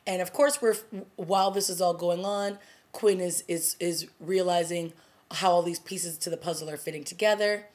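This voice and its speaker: A woman casually recapping a TV drama episode for her vlog, animated, laughing often and throwing in dramatic asides. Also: on the low side, moderate pace. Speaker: TV review vlogger.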